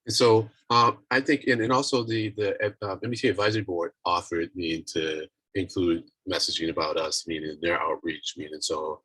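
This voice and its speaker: Very low husky man chairing a call. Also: fairly even intonation, pushed and bright, no echo, low-quality recording. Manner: halting, many restarts and fillers. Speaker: meeting chair. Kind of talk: casual virtual meeting talk. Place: home office on a video call. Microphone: video call.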